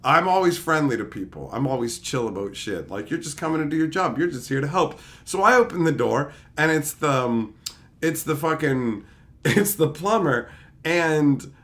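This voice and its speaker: A man's voice: fairly high pitch, expressive, normal speed, a bit bright. A tired man, short on sleep, telling a rambling story in a casual, profane way, with laughing asides. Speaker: channel host.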